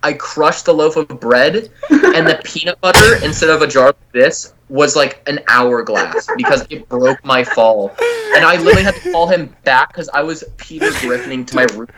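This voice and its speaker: A young man from California tells a rambling, profane story on a comedy podcast, acting out each part as he goes. His voice sits a little high for a man. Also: big pitch swings, normal speed, a crowd in the background. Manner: rambling, profane, acts out what he describes. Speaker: podcast guest.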